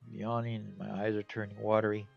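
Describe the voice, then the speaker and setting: A man casually narrating his gameplay in a relaxed, rambling way, tired and with a stuffy nose. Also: fairly low pitch, fast talker, creaky. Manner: relaxed, rambling, talks to himself. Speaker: game streamer. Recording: dull lo-fi audio, faint game music.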